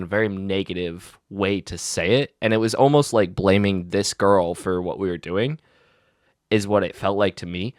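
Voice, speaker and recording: A man's voice: lowish voice, no room sound, clean studio sound. A young man co-hosting a podcast, telling a story in casual chat with lots of fillers and restarts. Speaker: podcast co-host.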